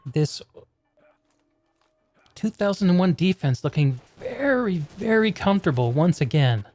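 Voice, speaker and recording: A man's voice: sits high, very animated, measured pace, darkish tone, dry recording. A man hosting a live stream and commentating a competitive video game match, chatty and upbeat, calling the viewers "y'all".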